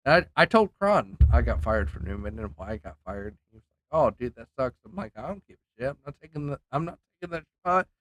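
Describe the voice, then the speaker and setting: Brief: male game streamer, mid pitch, close and dry mic, heated profane rant with lots of restarts. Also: dry recording. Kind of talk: casual ranting story while gaming.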